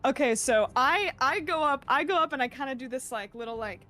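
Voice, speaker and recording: A woman playing a tabletop role-playing game, describing her character's moves in an animated, giggly way. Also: high-pitched, a little fast. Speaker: player. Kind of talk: tabletop role-play chat.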